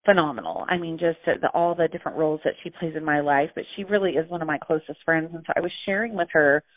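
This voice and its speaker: A woman's voice: sits low, quick pace. A young pregnant woman hosting a casual motivational call, gushing and a little out of breath. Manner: bubbly and gushing, with frequent laughs and fillers. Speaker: host of a weekly motivational call. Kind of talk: casual motivational phone message. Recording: tinny phone line, dry.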